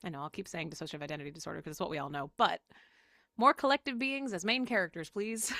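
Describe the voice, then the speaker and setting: A woman's voice: on the low side, quick pace, bright, forceful tone, no echo. A woman with a Southern US accent, chatting to camera in a rambling way and laughing often, sick and exhausted. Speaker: spiritual channel host. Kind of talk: casual talk to camera.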